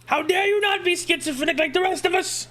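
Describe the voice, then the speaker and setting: Streaming live, a young man reacts to a video in a very high voice at a slightly quick pace. His manner is joking and animated, and he talks directly to his chat.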